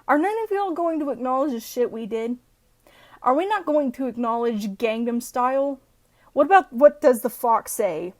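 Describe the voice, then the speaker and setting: A woman's voice: a little high, a little mellow. A young woman casually reading internet posts aloud and adding playful, sweary asides between giggles. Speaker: reddit post reader.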